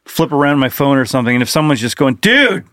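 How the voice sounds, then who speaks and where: A man co-hosting a comedy podcast, riffing in a relaxed, deadpan way while a little sick. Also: medium pitch, rapid-fire, no room sound, studio quality. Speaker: podcast co-host. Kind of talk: casual comedy chat.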